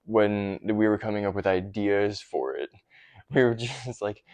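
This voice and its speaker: A man's voice: lowish voice, unhurried, darkish tone. A young man, a guest actor in a casual chat, telling rambling stories and laughing often.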